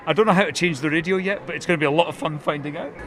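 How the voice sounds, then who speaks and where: A man's voice: a little high, rapid-fire, fairly bright tone, soft background music. A man, a radio presenter chatting enthusiastically and laughing a lot at an outdoor motor event. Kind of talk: excited casual chat.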